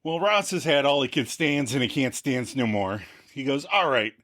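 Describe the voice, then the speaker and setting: Playful, animated podcast co-host. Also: mid-range voice, moderate pace. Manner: playful, jokey asides. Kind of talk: casual recap narration.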